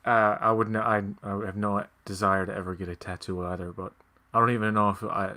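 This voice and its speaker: A man's voice: lowish voice, flat delivery, fairly quick, sharp tone. A man co-hosting a podcast, chatting casually and rambling with joking asides. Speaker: podcast co-host. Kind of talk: casual chat.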